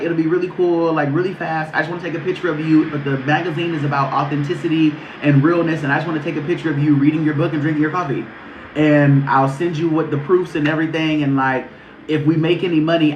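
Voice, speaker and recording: A man's voice: a little high, muffled recording, a little hiss or hum. Sassy man giving a spiritual reading. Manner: sassy, profane and animated. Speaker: spiritual reader. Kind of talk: casual livestream spiritual reading. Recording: echoey room.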